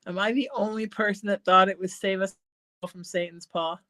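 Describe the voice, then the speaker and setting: A woman hosting a live psychic show, chatting in a rambling way, laughing often and drifting into soft singing. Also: medium pitch, steady tone, brisk, no echo. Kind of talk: casual live-stream chat.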